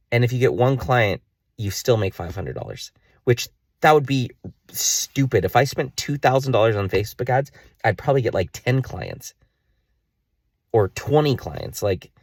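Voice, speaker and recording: A man's voice: medium pitch, lively intonation, moderate pace, no room sound, clean studio sound. A man in his thirties talking straight to camera in a personal video diary. He scolds himself in an exasperated, rambling way and swears now and then. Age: 30s. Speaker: vlogger.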